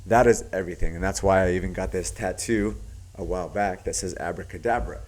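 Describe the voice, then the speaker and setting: A young man with a fairly low voice talks through his take in a relaxed, reflective way, leaning on filler words. He hosts his own podcast and now and then slips into playing out what other people said. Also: a little fast. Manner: reflective, heavy use of filler words, acts out quoted voices. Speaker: podcast host and business commentator. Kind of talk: casual commentary to camera.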